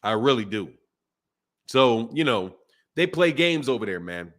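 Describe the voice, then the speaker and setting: A man's voice: medium pitch, big pitch swings, unhurried, a bit bright. A man hosting a boxing channel, casually chatting on a live stream and reading viewer comments, repeating phrases as he goes.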